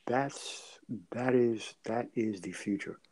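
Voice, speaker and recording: A man's voice: mid-range voice, takes it slowly, a little mellow, low-quality recording. A man co-hosting a casual podcast, speaking carefully and hesitantly as he chooses his words. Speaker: podcast co-host. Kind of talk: casual economics discussion.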